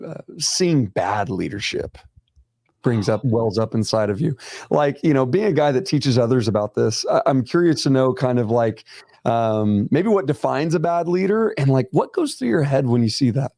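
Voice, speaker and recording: A male podcast host asks questions with curiosity, his pitch moving in a lively way. He hesitates with fillers as he feels out the question. The recording is dry and close. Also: moderate pace, dry recording. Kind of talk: casual interview.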